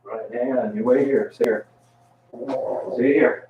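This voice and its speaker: A man's voice: medium pitch, fairly even intonation, unhurried, slight background noise. A man on a casual live stream, cooing fondly and repeating pet talk to his dog between greetings to viewers. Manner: coos over and over in fond pet talk. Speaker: vlogger talking to his dog. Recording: tinny phone-like audio in an echoey room.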